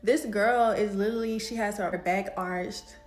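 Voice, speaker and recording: A woman who does hair from home, telling an animated storytime to camera. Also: mid-range voice, moderate pace, reverberant, faint music behind. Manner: animated, builds to heated retelling. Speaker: home-based hairstylist.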